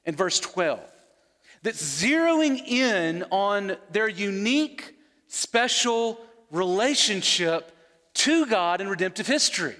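A man's voice: high-pitched, pushed and bright, in a large hall. A man preaching an expository sermon, earnest, repeating words for emphasis and putting questions to his listeners.

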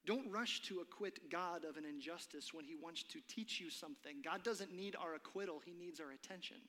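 A man preaching a sermon, dramatic and earnest, dropping his voice low for effect. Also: a little fast, sharp tone. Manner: dramatic, drops to a whisper for effect. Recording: long reverb of a large hall.

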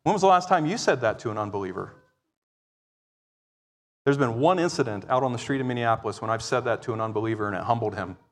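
A man preaching a sermon, swinging between loud exclamations and quiet, explaining asides. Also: medium pitch, lively intonation, fast. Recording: long reverb of a large hall.

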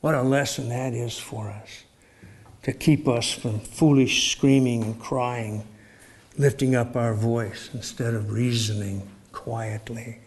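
A man preaching a sermon in a slow, measured, reflective way, posing rhetorical questions. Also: mid-range voice, fairly even intonation, a little mellow.

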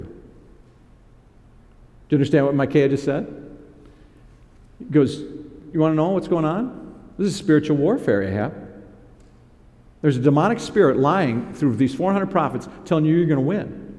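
A male pastor preaching a sermon in a lively, conversational way, acting out scripture with quick changes of voice. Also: medium pitch, long reverb tail.

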